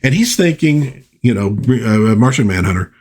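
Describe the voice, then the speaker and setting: A man's voice: mid-range voice, expressive, moderate pace, a little mellow, husky. A man hosting a comic book review show who narrates the story casually, reads panel dialogue aloud and breaks off for chatty asides. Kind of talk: casual commentary.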